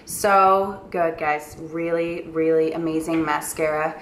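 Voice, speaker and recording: A woman's voice: deep voice, steady tone, slow pace, a bit bright. A young woman with a New York accent, a makeup artist chatting through her monthly favorites in a gushing, filler-heavy way. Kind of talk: casual monthly favorites vlog. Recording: roomy echo with faint noise.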